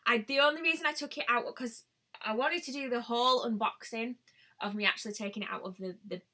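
Bubbly bright-voiced woman on a webcam. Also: fairly high pitch, fast talker. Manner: chatty and bubbly, greeting viewers by name. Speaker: beauty vlogger. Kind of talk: live-stream casual chat.

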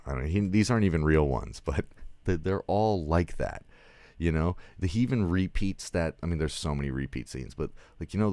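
A man's voice: a bass voice, normal speed, darkish tone, dry recording. A man who teaches film, talking through a casual review in a rambling, loose way with laughing asides and lots of fillers.

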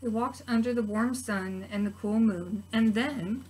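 Gentle woman reading a children's story. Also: on the high side, unhurried, a little hiss or hum, rough recording. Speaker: preschool teacher reading aloud. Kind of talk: children's story read-aloud.

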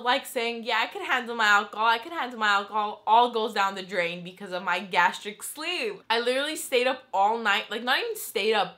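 A young adult woman telling a story in a casual, animated vlog style, saying "like" constantly. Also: on the high side. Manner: chatty and animated, heavy use of "like". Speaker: vlogger.

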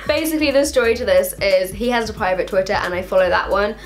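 A woman's voice: medium pitch, fast talker, soft background music. A woman chatting casually to her viewers in a vlog, upbeat and talkative. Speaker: YouTuber. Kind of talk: casual vlog talk to camera.

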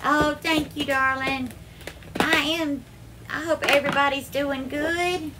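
Heavy background noise surrounds this woman's high-sitting voice, which stays unhurried with fairly even intonation. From her home kitchen in Alabama, she hosts a casual cooking livestream in a Southern accent, effusively greeting viewers by name, calling them darling, and offering bubbly sing-song hellos.

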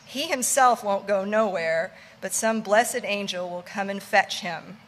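A woman's voice: mid-range voice, unhurried, close to an everyday voice. A woman voicing a grumbling old male ship's cook in his nineties, muttering and testy, with a preacher-like cadence. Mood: sullen.

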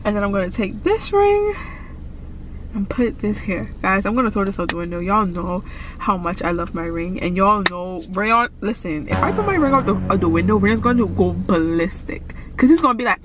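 Slangy woman vlogging from her car. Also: medium pitch. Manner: animated, slangy, quick. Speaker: vlogger pranking her husband. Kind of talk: casual vlog and staged argument. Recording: road noise in a car.

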